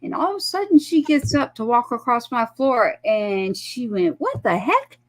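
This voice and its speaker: In a fairly high voice at normal speed, a woman on a talk show as a guest recounts a personal story in casual chat. She animatedly acts out quoted dialogue, voicing the people in the story.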